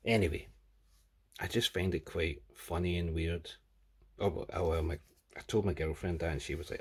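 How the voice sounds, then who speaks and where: A man's voice: low-pitched, moderate pace, slightly rough. A man casually reviewing a comic book, rambling and crude with plenty of jokes.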